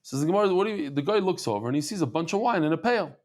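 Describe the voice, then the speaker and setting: Guy teaching talmud, kinda high voice, super animated, does little voices for the story. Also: rapid-fire. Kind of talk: lively Talmud class.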